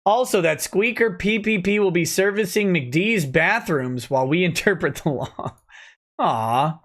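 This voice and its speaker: A man's voice: high voice, animated, unhurried, a bit bright. A man in his thirties hosting a casual livestream, reading chat comments aloud and reacting to them between going over a legal document.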